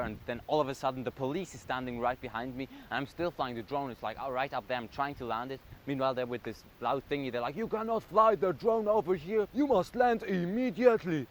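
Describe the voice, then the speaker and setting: A young man, a wildlife photographer, talking casually and excitedly to the camera in a vlog. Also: mid-range voice, slight background noise. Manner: chatty, excitable, breathless storytelling.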